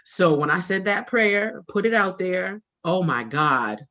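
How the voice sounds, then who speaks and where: A woman's voice: on the low side, lively intonation, measured pace, fairly bright tone. A woman from the Bronx hosting an interview, talking in a candid, reflective way and laughing easily. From the Bronx, New York. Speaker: host. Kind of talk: casual interview chat. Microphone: video call.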